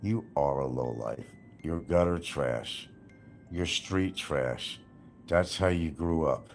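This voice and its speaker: A man with a very deep voice and vocal fry rants slowly on a livestream, with faint music in the background. He taunts and mocks his target sarcastically, swearing and chuckling at them.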